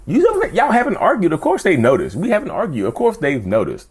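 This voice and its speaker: A man hosting his channel, talking earnestly to camera in casual chat, often repeating himself and jumping up in pitch for emphasis. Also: huge pitch swings, fairly quick, darkish tone, breathy edge. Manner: earnest, repetitive, keeps asking "you see what I'm saying"; jumps sharply up in pitch for emphasis. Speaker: YouTube channel host.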